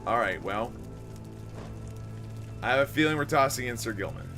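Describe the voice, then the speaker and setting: A man's voice: medium pitch, lively intonation, normal speed, over music. A man giving casual, joking let's-play commentary with a strained throat. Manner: casual, joking, self-deprecating. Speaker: game commentator.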